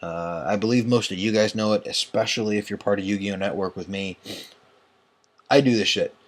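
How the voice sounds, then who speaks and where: A man's voice: lowish voice, brisk, a little hiss or hum. A young man in a profane, agitated late-night rant, tired and yawning as he talks. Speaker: online tournament host. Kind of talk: ranting vlog.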